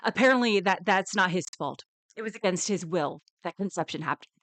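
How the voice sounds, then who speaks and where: A woman's voice: fairly low pitch, animated, fairly quick, a bit bright, dry recording. A woman streaming a live reaction, ranting angrily and swearing, with bursts of laughter.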